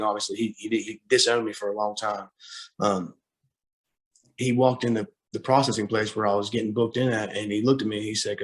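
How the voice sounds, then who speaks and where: Low, flat-voiced man telling a painful story. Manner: halting, with many fillers and repeated starts. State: emotional, close to tears. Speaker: guest. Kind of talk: personal story in an interview.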